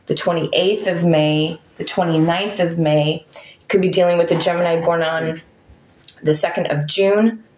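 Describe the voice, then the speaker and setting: Low-voiced woman reading tarot, echoey room. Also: steady tone, unhurried, darkish tone. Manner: chatty, talks to her dog between cards. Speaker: tarot reader.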